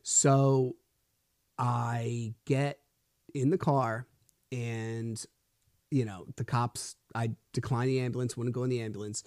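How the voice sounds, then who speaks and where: Profane mellow-voiced man in his thirties. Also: mid-range voice, flat delivery, slow, dry recording, clean studio sound. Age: 30s. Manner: blunt and profane, retelling events with heat. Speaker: podcast host. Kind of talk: casual solo storytelling monologue.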